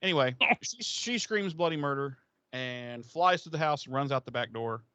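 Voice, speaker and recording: A man co-hosting a podcast, casually recapping an episode with crude jokes and quick impressions of the characters. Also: medium pitch, animated, sharp tone, clean tone, no echo, muffled recording. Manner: profane, joking, acts out characters' lines. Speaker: podcast co-host.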